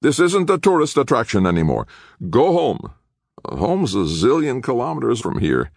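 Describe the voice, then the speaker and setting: A man's voice: medium pitch, big pitch swings, normal speed, creaky, husky, no echo, clean studio sound, pitched above the performer's own voice, heavily acted. A man voicing a burly, angry male security guard who snarls at intruders. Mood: hostile. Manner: snarling, hostile.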